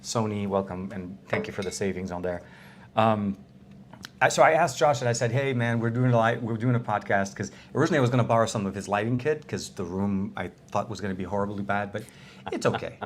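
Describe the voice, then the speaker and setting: A man with a somewhat low voice co-hosts a casual tech podcast from a small, cozy room. He is chatty and laughs easily, often restarting his sentences mid-thought. Faint noise sits under his voice. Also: quick pace. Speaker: podcast co-host.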